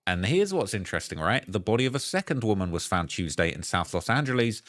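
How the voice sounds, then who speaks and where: A man's voice: fairly low pitch, big pitch swings, quick pace, fairly bright tone, no room sound, clean studio sound. A man narrating a commentary video, reading messages and news aloud, hesitant with restarts.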